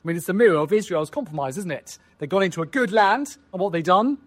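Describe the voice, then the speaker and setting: A man's voice: high voice, lively intonation, fast talker. A man preaching a sermon, leading his listeners through the text and asking them questions as he goes. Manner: rhetorical, asks the listeners questions.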